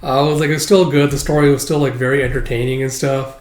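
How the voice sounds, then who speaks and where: A man's voice: mid-range voice, flat delivery, fast talker, darkish tone. A man casually reading through a comic chapter and giving his opinion, with many filler words. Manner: rambling, lots of filler words. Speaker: manga reviewer. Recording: roomy echo.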